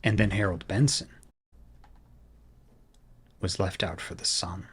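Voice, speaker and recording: A man narrating a tabletop horror game as storyteller, in slow, hushed descriptive narration. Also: sits low, steady tone, husky.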